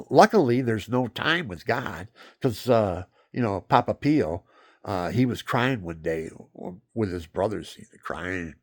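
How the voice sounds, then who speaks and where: A man's voice: on the high side, creaky. An older man rambling through folksy personal stories that turn into plain-spoken preaching, with many restarts. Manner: folksy, repetitive, with lots of restarts. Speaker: religious speaker.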